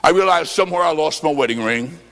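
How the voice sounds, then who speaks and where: A man's voice: a little high, expressive, fast, a bit bright. A man voicing a frank, plainspoken woman who has just been saved, quoted in a sermon with a wry, matter-of-fact manner. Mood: blunt. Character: newly saved middle-aged woman, blunt and frank. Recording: long hall reverb.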